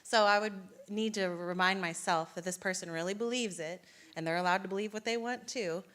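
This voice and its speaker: A woman in a church discussion group, reflecting in a measured way on how she would respond. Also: mid-range voice, a bit bright. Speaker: class participant.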